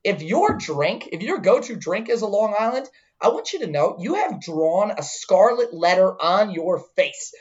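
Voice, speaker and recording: A man's voice: sits high, sing-song, normal speed. A man hosting a bartender podcast, ranting emphatically with mock sternness in casual chat. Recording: dull lo-fi sound.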